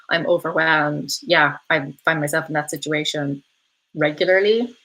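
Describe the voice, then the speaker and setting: A woman in her thirties hosts a live stream and talks through viewer comments in a loose, chatty way. Her voice sits a little low for a woman. She fills her pauses with ums and laughs easily. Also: bright, forceful tone, rough recording. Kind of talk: casual live-stream chat.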